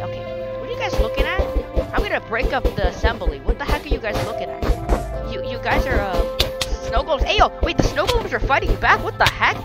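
A woman with a high voice hosts a casual Minecraft gameplay video, chatting as she plays. She's excitable, yelping and crying out "no" whenever danger strikes, and the recording is low quality.

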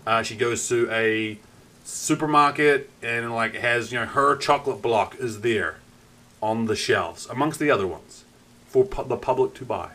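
Kiwi male streamer, crisp bright tone, animated storyteller who swears freely. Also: medium pitch, unhurried. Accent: New Zealand. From New Zealand. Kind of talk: casual live-stream chat.

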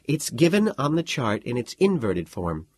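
A man voicing a sharp-witted, defiant young woman student who answers in a cool, precise, sardonic way, in a husky, dry audiobook read. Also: mid-range voice, sing-song, normal speed, dry recording. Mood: steady, defiant.

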